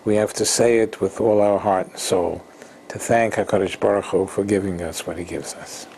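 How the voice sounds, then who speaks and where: A man teaching an informal Torah lesson, halting and repeating himself, mixing Hebrew terms into English. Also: fairly low pitch, fairly even intonation, darkish tone, a little hiss or hum. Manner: slow, halting, repeats words and restarts.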